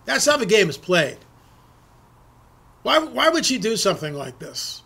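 A man's voice: high-pitched, sing-song, measured pace, creaky, pushed and bright, slightly rough. A middle-aged man hosting an opinionated political monologue, talking emphatically and repeating words as he presses his points. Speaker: political commentary host.

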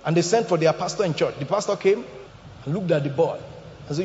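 A man preaching a sermon, telling animated stories and asking the congregation questions. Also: fairly high pitch, quick pace, a little hiss or hum. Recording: echoey hall, dull sound.

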